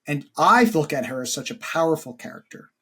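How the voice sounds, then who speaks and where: A man with a fairly high voice talks through a film in a loose, rambling way. He fills his sentences with "like" and "you know" and restarts often, and he sounds earnest as he works toward his point. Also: sing-song, a little fast, fairly bright tone, husky. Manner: rambling, heavy use of "like", earnest. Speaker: podcast co-host. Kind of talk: casual film discussion.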